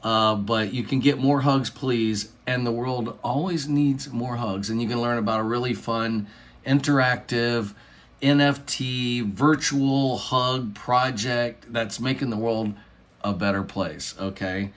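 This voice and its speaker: A man's voice: medium pitch, a little slow. A middle-aged man vlogging casually into his phone, rambling with many fillers and restarts, earnest and laughing between phrases. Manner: meandering, lots of fillers and restarts. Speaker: YouTuber.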